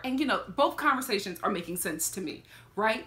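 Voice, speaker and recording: A woman from Philadelphia telling a story in a casual reaction vlog, animated and laughing often. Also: mid-range voice, brisk. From Philadelphia, USA. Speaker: reality TV reaction vlogger.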